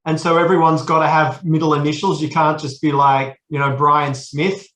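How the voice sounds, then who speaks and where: A man's voice: fairly high pitch, level tone, moderate pace, fairly bright tone, echoey room. An Australian man in his forties, a podcast guest, talking casually and rambling with many restarts. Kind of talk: casual chat.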